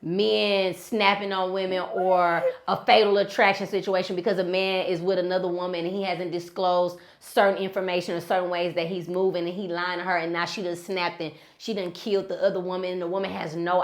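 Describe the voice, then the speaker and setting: A woman hosting a casual podcast, telling a story in an animated, slangy, emphatic way. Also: fairly low pitch. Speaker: podcast host.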